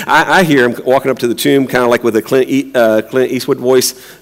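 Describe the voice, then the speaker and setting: A man's voice: mid-range voice, fairly quick, fairly bright tone, in a large hall. A man preaching a conversational sermon, often repeating and restarting his words and acting out the lines he quotes. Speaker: pastor.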